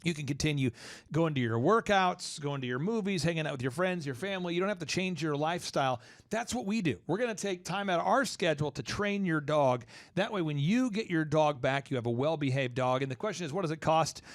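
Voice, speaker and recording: A man hosting a casual podcast, rambling and animated as he acts out what people say. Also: fairly high pitch, a little fast, dry recording, studio quality. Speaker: podcast host promoting a dog training business.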